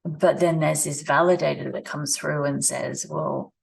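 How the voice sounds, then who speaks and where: A woman, talking slowly and reflectively in a personal vlog, repeating her phrases as she thinks aloud at her rural home. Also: low-pitched, steady tone, vocal fry, husky. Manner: slow, musing, repeats phrases. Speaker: vlogger. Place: rural home with animals nearby.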